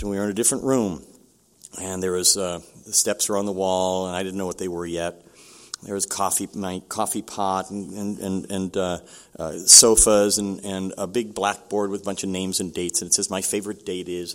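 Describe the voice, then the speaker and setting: Older man, candid halting storyteller. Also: deep voice. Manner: candid, halting, with many restarts. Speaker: recovery meeting speaker. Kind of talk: personal recovery story.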